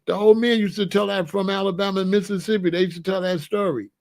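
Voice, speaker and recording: A man hosting a comedic monologue, an animated, profane storyteller who laughs often. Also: sits high, fairly quick, gravelly. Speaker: podcast host.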